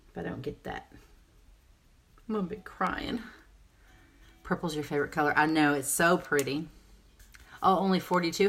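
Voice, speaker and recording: Chatty woman with a low voice, rambling through a live makeup demo. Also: a bit bright. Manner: chatty, rambling, answers viewer comments. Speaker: makeup seller and presenter. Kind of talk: casual live makeup tutorial.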